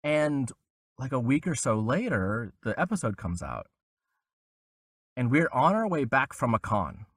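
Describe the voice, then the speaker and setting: Animated man telling stories with voices. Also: a little slow, long pauses, slightly rough, no echo, clean studio sound. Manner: animated, acts out quoted voices with big pitch jumps. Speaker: voice actor guest. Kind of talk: casual storytelling interview.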